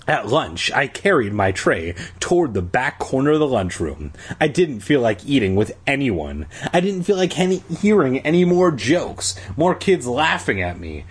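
Husky man reading a kids' story. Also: mid-range voice, very animated, moderate pace, few pauses. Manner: irreverent, joking. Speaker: reader. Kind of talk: comedic storybook reading with crude asides.

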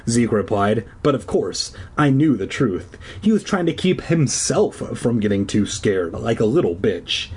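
A man's voice: mid-range voice, very animated, measured pace, few pauses, a little mellow, breathy edge. A man reading a spooky children's story aloud casually, with a sore throat. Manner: casual, swears in asides. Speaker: reader.

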